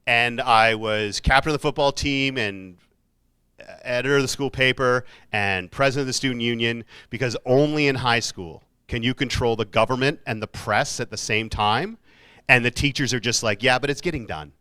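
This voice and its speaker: A man's voice: mid-range voice, normal speed, bright, forceful tone, smooth. A man giving a casual, jokey motivational talk to students, with self-mocking asides, speaking in a university hall. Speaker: keynote speaker.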